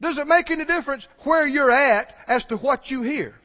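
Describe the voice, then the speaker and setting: A man's voice: very high-pitched, normal speed, bright, forceful tone. A man preaching a sermon, urgently pressing his congregation with questions. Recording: dull recording, long hall reverb.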